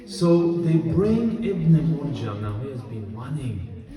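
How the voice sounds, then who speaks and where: Man giving a sermon, slow storytelling, keeps asking the crowd questions, booming echoey hall, crowd noise behind. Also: big pitch swings, recorded from a distance. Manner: storytelling, asks the audience rhetorical questions. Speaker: preacher.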